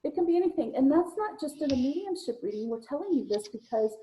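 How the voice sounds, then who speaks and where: A woman co-hosts a live video-call show as a psychic medium, chatting casually and telling anecdotes with a ready laugh. Her voice is high and animated with a dark tone. The audio is poor, with a slight hiss or hum.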